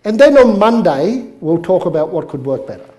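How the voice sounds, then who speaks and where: Male presenter, storytelling workshop delivery, a bit high-pitched. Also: big pitch swings, normal speed, darkish tone. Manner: chatty, story-telling, with jokes. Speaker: business coach and presenter.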